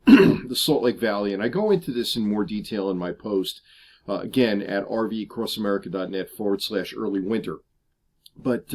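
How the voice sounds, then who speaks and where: A man's voice: lowish voice, darkish tone. A middle-aged man vlogging casually about his RV travels, chatty and explanatory with frequent fillers. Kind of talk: casual vlog talk to camera. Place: RV park outdoors.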